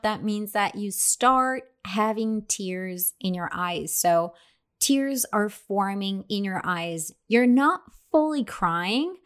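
A woman's voice: mid-range voice, fairly bright tone. A young adult woman explaining English expressions in a casual lesson, chatty, with many fillers and restarts. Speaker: English teacher.

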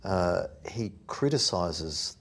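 A man's voice: deep voice, animated, takes it slowly, gravelly. A man in a thoughtful academic discussion, searching for his words and correcting himself as he raises questions. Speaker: podcast discussant.

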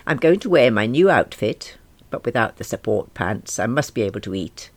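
A woman's voice: extremely low pitch, no room sound. A middle-aged woman narrating a comic diary novel in a wry, self-mocking manner. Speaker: audiobook narrator.

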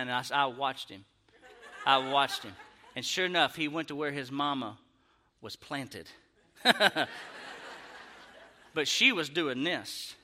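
A young adult man from Arkansas, telling a stand-up story in an animated, laughing, self-mocking way. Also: medium pitch, slight background noise. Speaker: comedian.

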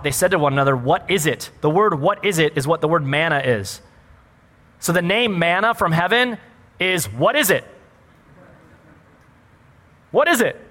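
High-voiced pastor preaching in a hall. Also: male voice. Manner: animated preaching, rhetorical questions. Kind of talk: sermon.

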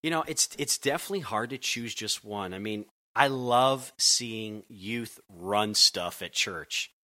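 A man's voice: lowish voice, unhurried, sharp tone, no room sound. A youth pastor from Connecticut telling his calling story in an earnest, conversational way with frequent restarts. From Connecticut, USA. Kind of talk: conversational podcast interview.

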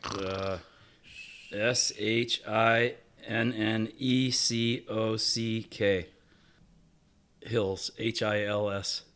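A man co-hosting a casual golf podcast, laughing easily and loudly protesting his quiz answers. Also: lowish voice, little pitch movement, very slow. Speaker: podcast co-host and quiz contestant.

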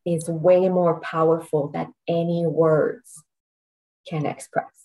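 A woman's voice: sits low, little pitch movement, slow pace, warm tone, low-quality recording. A middle-aged woman, a podcast guest, telling a personal story earnestly and getting choked up, with laughs between phrases.

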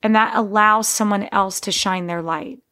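Woman with a gravelly vocal fry. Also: mid-range voice, fairly even intonation, moderate pace, bright, forceful tone. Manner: rambling, digressive, frequent restarts. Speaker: podcast host. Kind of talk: casual personal monologue.

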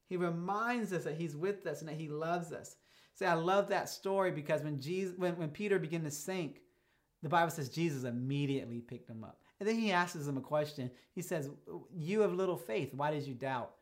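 A man preaching a sermon as a pastor, telling stories in a casual, conversational way and shifting his pace for emphasis. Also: on the high side. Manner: casual storytelling preacher, speeds up and slows down for emphasis.

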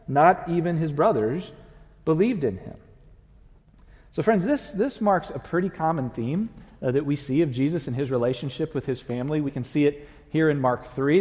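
A man's voice: on the high side, darkish tone, big-room sound. A man preaching a conversational sermon and putting questions to his congregation. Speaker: pastor. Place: church sanctuary.

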